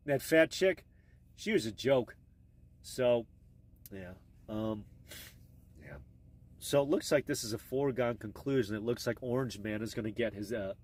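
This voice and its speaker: Crude, rambling man on a phone stream. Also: mid-range voice. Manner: crude, meandering, offhand. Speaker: live streamer. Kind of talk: rambling casual live-stream chat.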